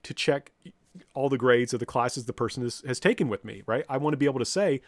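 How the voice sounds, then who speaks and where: The professor's medium-pitched voice moves fast, with no room sound. Direct and blunt with his students, he now and then slips into vivid imitations of people's words.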